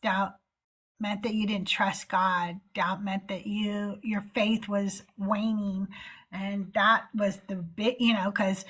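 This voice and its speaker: A woman's voice: medium pitch, level tone, slow pace, fairly bright tone. A woman hosting a live call-in show, chatting casually and getting emphatic, swearing when worked up. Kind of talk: casual chat.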